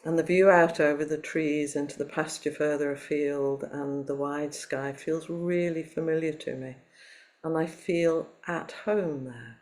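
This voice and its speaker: Woman, dharma talk, from Liverpool, no local accent, reflective, gentle, pausing. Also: low-pitched, fairly even intonation. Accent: none, not Liverpool; Southern English. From Liverpool, England. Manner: reflective, gentle, with pauses and fillers. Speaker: Zen teacher giving a dharma talk.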